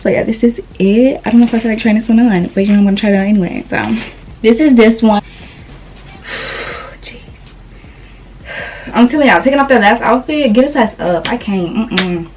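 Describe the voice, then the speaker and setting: A woman's voice: fairly high pitch, fast talker, a little mellow, soft background music. Chatty young woman, out of breath. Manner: chatty, rambling, addresses viewers as y'all. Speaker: vlogger. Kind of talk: casual clothing haul.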